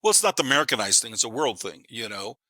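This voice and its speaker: A man in his fifties, a podcast guest, telling rambling, animated stories in casual chat, swearing freely and laughing as he goes. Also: mid-range voice, fast. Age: 50s. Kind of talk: casual storytelling.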